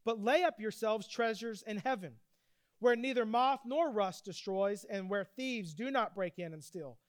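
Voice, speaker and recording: A man preaching a sermon, telling stories with energy and reading scripture slowly. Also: high voice, clear, resonant tone, no echo, clean studio sound. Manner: animated storytelling preacher, reads scripture slowly. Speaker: pastor.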